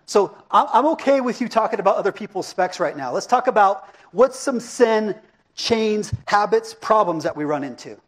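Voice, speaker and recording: A man's voice: high-pitched, lively intonation, normal speed. A middle-aged man preaching a sermon as a pastor, talking casually and asking his congregation questions. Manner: conversational, asks the congregation questions. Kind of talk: interactive sermon.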